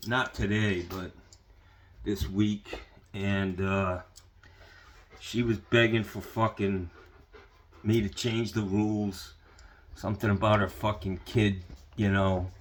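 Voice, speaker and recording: A man's voice: on the low side, flat delivery, slow, long pauses, a little hiss or hum. A man ranting casually into the camera, profane and rambling, with lots of fillers. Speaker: vlogger.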